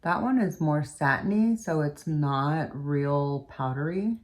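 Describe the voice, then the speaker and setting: Woman beauty vlogger, low voice, chatting away while she does her makeup at home. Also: takes it slowly.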